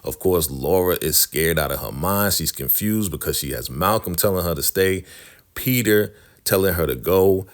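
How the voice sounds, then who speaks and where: A man casually recapping a TV episode, retelling scenes and acting out the characters' lines in quick, chatty bursts. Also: low voice, animated.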